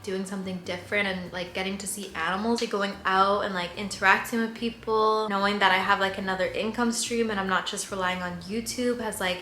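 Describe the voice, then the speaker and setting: A woman's voice: mid-range voice, sharp tone. A young woman in her twenties chatting casually to camera in a Q&A vlog, saying "like" a lot. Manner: chatty, tearful at times, lots of "like". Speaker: vlogger. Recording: echoey room, faint cricket noise. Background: faint crickets.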